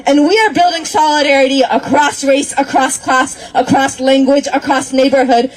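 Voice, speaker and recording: A woman from Minnesota giving an emotional, shouted speech as an activist at an outdoor protest. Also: high-pitched, fairly even intonation, moderate pace, hardly any pauses, background noise. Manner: emotional, near tears, shouting. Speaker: activist speaker. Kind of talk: impassioned rally speech. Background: crowd.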